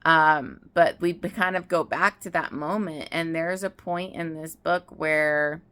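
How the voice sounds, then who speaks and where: A young book vlogger chats casually outdoors, tearful and rambling, often breaking off to restart her sentences in her emotion. Her low-pitched voice is smooth and fairly bright, and she keeps a measured pace.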